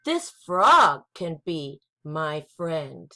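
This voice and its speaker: A woman voicing a lonely little female puppy looking for a friend in a children's picture-book read-aloud, slow and hopeful. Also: deep voice, sing-song, bright, forceful tone, heavily acted. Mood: eager.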